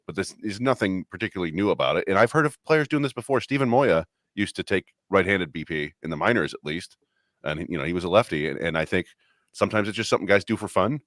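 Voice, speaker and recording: A man co-hosting a sports podcast, telling a story in a measured, casual way with light chuckles. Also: deep voice, animated, a bit bright, no room sound, clean studio sound. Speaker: podcast co-host.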